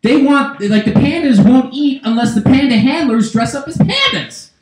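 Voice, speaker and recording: A man doing a stand-up comedy set on a small club stage, his voice pitched high for a man. He rambles loosely, drifting into digressions and catching himself. The handheld mic picks him up in an echoey club room. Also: lively intonation, normal speed, heavy background noise. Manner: loose, rambling delivery with self-interrupting digressions.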